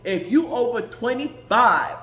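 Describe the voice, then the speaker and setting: A woman's voice: fairly high pitch, expressive, a little slow, a bit bright. A woman hosting a podcast, ranting in a blunt, profane casual monologue. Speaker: podcast host. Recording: roomy echoey recording.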